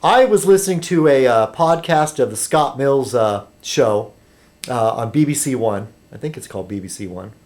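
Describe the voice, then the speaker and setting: A man's voice: mid-range voice, expressive, normal speed, darkish tone. A man rambling casually on a webcam vlog, chatty and full of ums and restarts. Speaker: video blogger.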